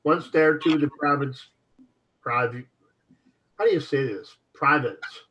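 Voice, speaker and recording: A man with a voice on the high side co-hosts an internet radio show, reading articles aloud a little fast and sometimes stumbling over words. The audio is dull and lo-fi, with steady noise.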